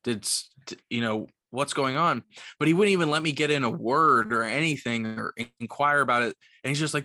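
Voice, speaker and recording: A young man co-hosting a casual podcast, telling stories with lots of swearing and animated quoting, sounding a bit tipsy. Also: mid-range voice, fast talker, no room sound, studio quality. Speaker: podcast co-host. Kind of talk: casual chat, storytelling.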